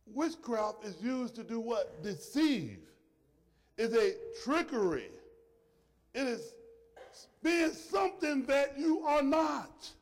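A male preacher giving an emphatic sermon, swinging between shouted points and soft, low asides. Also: big pitch swings, takes it slowly. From rural area. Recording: long hall reverb.

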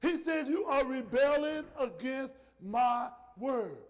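A male preacher giving an emphatic sermon, swinging between shouted points and soft, low asides. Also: expressive, takes it slowly. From rural area. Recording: long hall reverb.

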